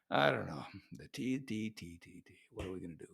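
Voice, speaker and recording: A man's voice: fairly low pitch, creaky, a bit bright, slight background noise. An American man giving a playful, mock-serious comedic monologue as a vlogger, repeating words for effect. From United States.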